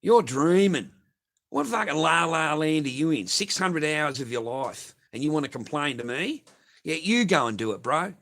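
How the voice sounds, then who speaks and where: A man's voice: a little high, lively intonation, moderate pace, pushed and bright. A middle-aged man with an Australian accent, hosting a casual livestream and answering viewers in a blunt, profane, rambling way. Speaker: livestream host reading viewer messages.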